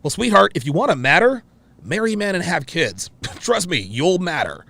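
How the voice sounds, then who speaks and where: Animated, exclamatory man host. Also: high-pitched, moderate pace, vocal fry, no room sound. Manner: animated, exclamatory, repeats himself. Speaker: reaction show host. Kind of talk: casual reaction commentary.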